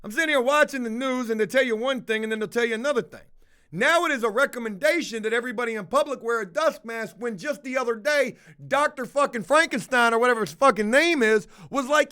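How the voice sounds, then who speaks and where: A man's voice: extremely high pitch, quick pace, sharp tone, smooth. A man hosting a casual livestream, answering chat in a blunt, rambling, heavily profane way. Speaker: livestream host reading chat.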